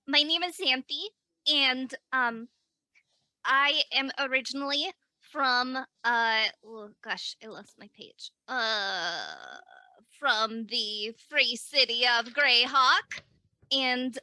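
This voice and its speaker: A woman playing a young, innocent and curious female adventurer, speaking hesitantly with many pauses. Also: high voice, pushed and bright, no echo, full character voice. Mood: shy eager. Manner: hesitant, lots of "um". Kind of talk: tabletop role-play.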